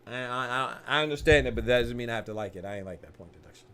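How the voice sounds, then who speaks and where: A young man giving casual live commentary on a boxing match, slangy and excitable, often restarting sentences and laughing. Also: medium pitch, very fast, clear, resonant tone.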